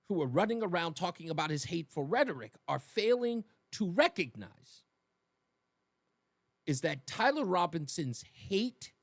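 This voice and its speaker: A man's voice: sits high, a little slow, no echo, studio quality. A man hosting a talk radio show, delivering an emphatic monologue and speaking straight to his listeners. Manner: emphatic, animated, addresses listeners directly.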